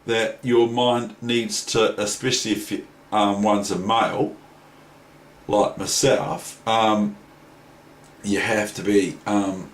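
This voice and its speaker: A man's voice: fairly low pitch, fairly even intonation, takes it slowly. A man with a New Zealand accent giving a casual chess lesson, rambling and hesitant. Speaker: chess teacher. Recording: echoey room, faint noise.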